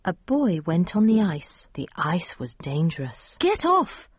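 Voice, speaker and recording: A woman reading a children's picture book aloud, slowly and clearly, with expressive rises and falls. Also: sits low, no room sound, studio quality. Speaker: storyteller.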